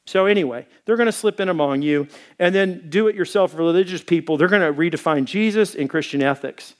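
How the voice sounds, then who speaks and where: A man from Arkansas delivers a sermon in a casual, animated style. His voice sits high for a man. He talks like he is chatting with his congregation. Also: fairly quick. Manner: animated, conversational preaching with quoted asides. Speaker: pastor.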